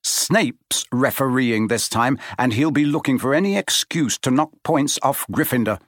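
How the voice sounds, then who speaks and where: A man reading an audiobook, voicing an intense young team captain who yells at his players. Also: mid-range voice, lively intonation, normal speed, no echo, clean studio sound, voice pushed up, close to an everyday voice. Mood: angry. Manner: yelling, insistent.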